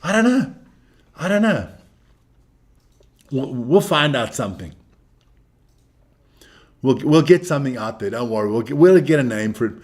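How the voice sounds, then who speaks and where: A man's voice: medium pitch, very animated, normal speed, pauses often, a little mellow. A man hosting a live stream as he watches a rugby match, joking, swearing and chatting with viewers and with people in the room. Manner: brash, profane, joking banter.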